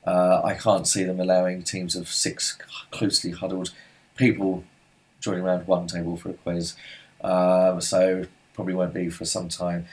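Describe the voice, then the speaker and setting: Bloke running a quiz, lowish voice, chatty, goes off on tangents, lots of ums. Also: male voice, monotone, normal speed. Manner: chatty, rambling asides and filler-heavy. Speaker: pub quiz host. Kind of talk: casual online quiz reading answers.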